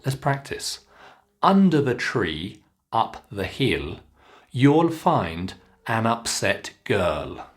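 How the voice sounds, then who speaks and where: A man with a British English accent teaching pronunciation, saying single words slowly and clearly for learners to repeat. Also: mid-range voice, sing-song. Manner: slow, clearly enunciated drilling of single words. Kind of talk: follow-along pronunciation lesson.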